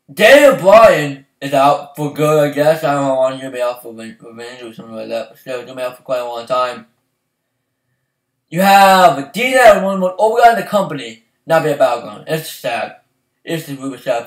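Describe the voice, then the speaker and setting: A young man ranting as a fan vlogger, swinging from loud outbursts to low mumbling. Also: moderate pace, distant mic. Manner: excitable, swings from shouting to mumbling. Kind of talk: heated ranting. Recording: echoey room, voice off-mic.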